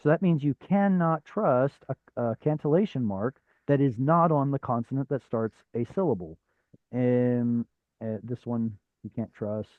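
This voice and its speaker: A patient man leads a live online class, explaining slowly and stopping often on fillers. His voice comes through a narrow, phone-like video call line. The sound is dry, with no room around it. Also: medium pitch, dry recording. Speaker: Hebrew teacher.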